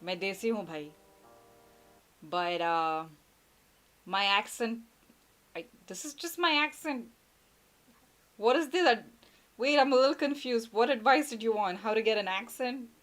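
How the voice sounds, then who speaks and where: A woman's voice: fairly high pitch, normal speed, long pauses, fairly bright tone. A woman from India who runs a channel, giving blunt, playful advice to viewers in a casual chat from home, laughing easily. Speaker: YouTuber answering viewer questions.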